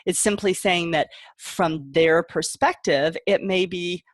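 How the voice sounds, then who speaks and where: Middle-aged woman, parent coach, lowish voice, dry close sound, chatty and laughing. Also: takes it slowly, few pauses, dry recording. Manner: warm chatty explaining, acts out kid voices, laughs often. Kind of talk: casual advice talk.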